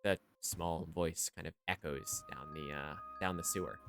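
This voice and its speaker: A man narrating a live tabletop game as game master, filling pauses with many ums. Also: low voice, fairly even intonation, a bit bright, soft background music.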